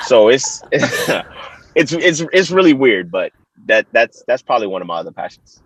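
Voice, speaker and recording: A man's voice: medium pitch, expressive, fairly quick, fairly bright tone, breathy edge, no room sound, rough recording. A young man from Haiti with an American accent, a sports guest telling stories in a casual podcast chat, laughing often and restarting his sentences. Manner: chatty storytelling with frequent laughs and restarts. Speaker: Olympic hurdler, guest.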